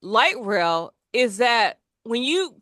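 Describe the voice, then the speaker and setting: A podcast co-host from New Jersey rambles through casual chat, constantly restarting sentences, using lots of fillers, and laughing often. Her voice is a little high, very animated, pushed and bright, and she takes her time, recorded at studio quality with no room sound.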